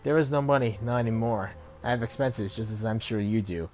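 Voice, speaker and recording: A man's voice: on the low side, brisk, darkish tone, faint music behind, lightly acted. A man voicing a smug, suave street dealer. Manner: smooth, cool and evasive.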